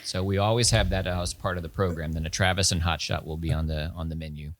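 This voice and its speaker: A man's voice: low voice, fairly even intonation, quick pace, dry recording. A man who owns a winery, a guest in casual chat, with a dry teasing humor.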